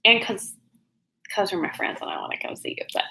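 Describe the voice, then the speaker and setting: Oklahoma-accented woman coach, bubbly livestream chatter, crisp bright tone, mid-pitched voice. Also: wildly swooping pitch, fairly quick, poor audio. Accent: Oklahoma Southern. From Oklahoma, USA. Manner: chatty, bubbly, rambling with many fillers. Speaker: business coach. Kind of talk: casual livestream talk. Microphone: no external mic plugged in.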